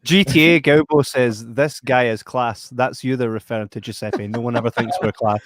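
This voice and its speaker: Jokey Scottish podcast host. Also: male voice, medium pitch, fairly quick, fairly bright tone, no room sound. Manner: jokey, playful banter, asks guests questions. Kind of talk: casual podcast chat.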